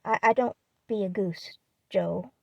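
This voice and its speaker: A woman's voice: mid-range voice, measured pace, vocal fry, no echo. A woman reading an audiobook, voicing a proud, hot-tempered young man who is sulking and indignant. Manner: indignant, defiant.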